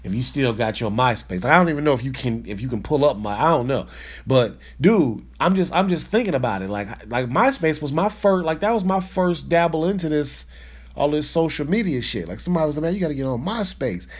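A fired-up man hosting his own podcast, talking straight to his listeners in a loose, profane rant. His voice sits a little higher than most men's, and he stays heated and slangy throughout. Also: animated, fairly quick. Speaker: podcast host. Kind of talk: casual podcast monologue.

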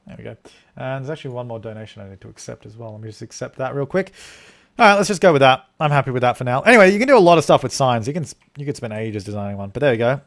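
This man from Australia speaks very fast at medium pitch while streaming a game live. It's rambling commentary, him thinking aloud as he plays and thanking viewers who donate.

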